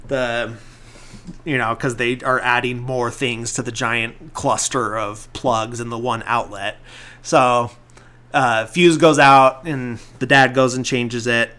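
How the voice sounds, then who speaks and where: With a middle-pitched voice that sounds pushed and bright, and fairly even intonation, a man on a podcast walks through a film's plot. His retelling rambles, full of fillers, restarts, and "like." He sometimes slips into quick impressions of the characters' lines.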